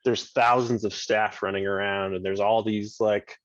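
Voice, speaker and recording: A man's voice: lowish voice, flat delivery, normal speed, dry recording. A man telling a story as a podcast guest in a rambling, casual way, full of "like" fillers and restarts. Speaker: podcast guest, state government chief of staff. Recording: dull lo-fi dry sound.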